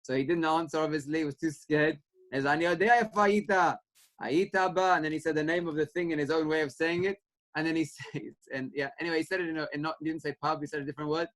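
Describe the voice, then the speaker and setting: A man's voice: fairly high pitch, fast talker, rough recording. A man, a rabbi, giving an earnest Torah class, telling a story and urging listeners, mixing in Hebrew and Yiddish terms. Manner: earnest, rising to animated when quoting, mixes Hebrew and Yiddish terms.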